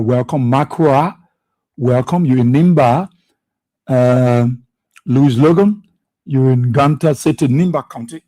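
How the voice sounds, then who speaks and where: A radio host speaks in at a medium pitch for a man. He works through a long list of listener names and places in a steady, repeating rhythm. Each name is followed by the same welcome. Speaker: radio talk show host. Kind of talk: live radio call-in greetings.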